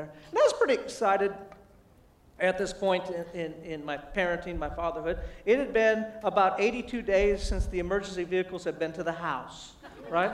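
High-voiced man preaching in an echoey room. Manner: animated storyteller, self-deprecating humor, jumps high for quoted voices. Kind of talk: humorous motivational sermon with storytelling. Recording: echoey, distant mic in a large room.

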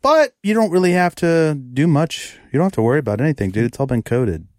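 A man trading crude jokes on a podcast, his voice pitched a bit high and swinging widely as he laughs and swears. The sound is close and dry, with no room around it. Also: sing-song, fast talker, no room sound. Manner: laughs often, swears, jumps to loud mock outbursts. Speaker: podcast co-host. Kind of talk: crude casual banter.

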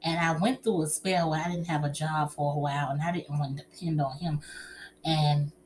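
A middle-aged woman with a low voice speaks at a normal speed, chatty and expressive as she shares personal stories and relationship advice, calling her audience honey and child. A little hiss or hum sits under the recording.

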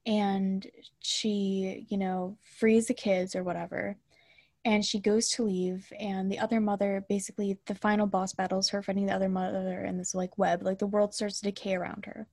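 A young adult woman co-hosting a casual chat, retelling a film in an animated, chatty way with mock-indignant asides. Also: medium pitch, no echo, studio quality.

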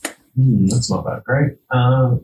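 A man takes part as a player in a tabletop game, chatting in a casual, easygoing way. His voice is mellow and dark in tone. He is heard from a distance, in a roomy space. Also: mid-range voice, measured pace, a little hiss or hum.

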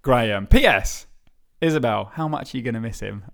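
A man's voice: medium pitch, expressive, a little fast, vocal fry, fairly bright tone. A man co-hosting a podcast, reading listener emails aloud in casual chat, wry and often chuckling. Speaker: podcast co-host.

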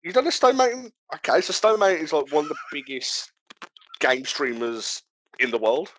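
A man appearing as a guest on a podcast, chatting casually with many halting restarts and frequent laughter. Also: on the high side, fairly bright tone, a little hiss or hum, low-quality recording. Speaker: podcast guest, viewer of the stream.

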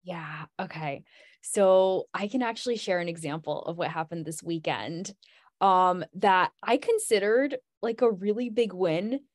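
Young woman, podcast guest, chatty and filler-heavy, mid-pitched voice, dry close recording. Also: dry recording. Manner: chatty storytelling, frequent "like", laughs often. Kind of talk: casual podcast conversation.

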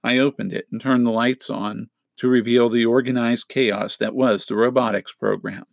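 A man narrating a novel in the first person with steady, wry storytelling, recorded on a close studio mic. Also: medium pitch, normal speed, creaky, no echo. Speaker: audiobook narrator.

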